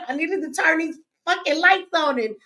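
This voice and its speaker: A woman's voice: very high-pitched, moderate pace, sharp tone. A woman hosting a casual livestream, talking in with a brash, joking manner, swearing freely and ribbing her chat. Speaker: livestream host. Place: home studio.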